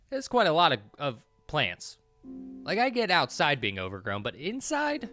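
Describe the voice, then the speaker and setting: A man chatting casually while he plays a game, rambling and joking along the way. His pitch moves about a lot as he goes. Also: huge pitch swings, normal speed, pushed and bright, soft background music. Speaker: let's player. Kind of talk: casual gameplay commentary.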